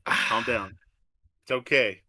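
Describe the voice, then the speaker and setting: A man's voice: medium pitch, takes it slowly, pushed and bright. A man co-hosting a podcast, making teasing, wry asides in casual chat. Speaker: podcast co-host.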